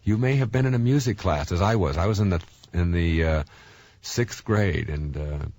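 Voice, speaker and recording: A middle-aged man giving a recorded self-help talk, telling stories in an animated way with many fillers and restarts. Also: sits low, moderate pace, no echo.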